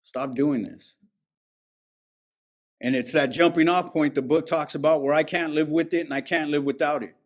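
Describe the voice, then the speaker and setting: A man's voice: on the high side, fairly even intonation, fairly quick, few pauses. A man sharing his recovery story at a meeting, candid and profane in a streetwise way. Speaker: speaker at a recovery alumni meeting. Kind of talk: personal recovery testimony.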